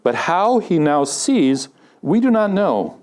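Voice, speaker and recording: A male pastor preaching with a mellow, warm voice that sits a little high for a man. His delivery swings through a wide, lively pitch range, rising for emphasis and sinking low and soft for weighty lines. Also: slow. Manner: animated storytelling with shouted punchlines. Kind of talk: sermon.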